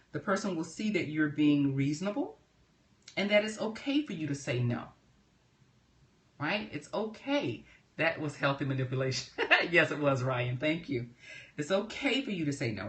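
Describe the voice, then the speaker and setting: Lively, lower-voiced woman trainer. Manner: lively and chatty, often asks "right?" and laughs. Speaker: personal development trainer. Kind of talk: live-streamed motivational teaching.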